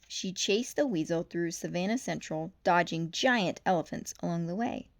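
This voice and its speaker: A woman reading a children's novel aloud for storytime, with lively, expressive narration. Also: on the low side, normal speed. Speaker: storytime reader.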